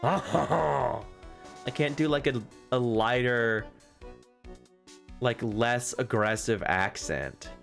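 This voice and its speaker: A man's voice: mid-range voice, drawn-out words, gravelly, pauses often, fairly bright tone, soft background music. A man streaming, chatting casually and jokingly between game lines in a self-deprecating manner. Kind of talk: casual chat over a game reading.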